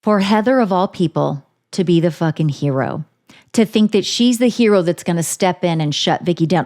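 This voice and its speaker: A woman's voice: medium pitch, expressive, normal speed, darkish tone. A woman co-hosting a podcast, ranting in a heated, profane casual chat. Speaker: podcast co-host.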